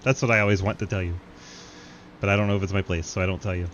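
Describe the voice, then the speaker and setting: A man giving live, joking play-by-play commentary on an online race, laughing often and getting excited at crashes. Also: deep voice, racing, muffled recording, slight background noise. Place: home setup, online sim race broadcast.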